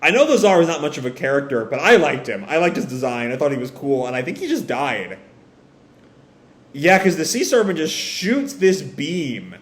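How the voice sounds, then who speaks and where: A man reading a comic aloud and reacting as he goes, casual and animated, with some swearing. His voice sits fairly high and swings a lot. The room around him is noticeably echoey.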